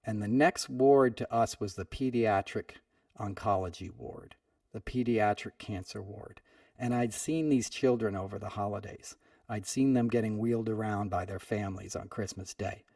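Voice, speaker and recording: A male podcast host tells a long personal story in a loose, conversational way, dotting his sentences with "you know" and "right?". The sound is dry and flat, and he sits a bit back from the mic. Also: fairly low pitch, normal speed, no echo, recorded from a distance. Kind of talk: storytelling monologue.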